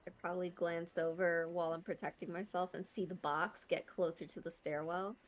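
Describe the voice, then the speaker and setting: A woman's voice: on the low side, level tone, brisk. A woman player in a tabletop game, talking casually and hesitantly. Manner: hesitant, filler-heavy. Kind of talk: casual chat.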